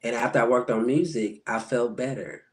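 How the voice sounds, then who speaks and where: A man's voice: medium pitch, steady tone, moderate pace. A man working as a spiritual life coach, talking casually about astrology on a live stream, answering viewers by name and acting out quoted reactions.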